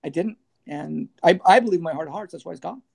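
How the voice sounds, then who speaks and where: Middle-aged male guest, raspy and fairly high, chatty anecdote-teller who laughs a lot. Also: quick pace. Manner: animated anecdotes, laughing, acting out others' voices. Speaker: guest, former band manager. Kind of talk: casual storytelling interview.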